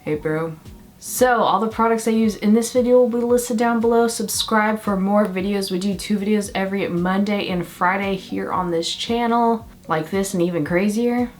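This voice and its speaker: A young woman vlogging a makeup tutorial in a casual, chatty and self-mocking way, full of quick asides. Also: medium pitch, fairly even intonation.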